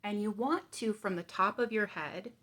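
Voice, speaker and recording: A woman vlogger telling a personal story and then guiding a calming exercise, speaking in a candid, gentle way with frequent ums. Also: mid-range voice, normal speed, a little hiss or hum. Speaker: vlogger sharing coping tips.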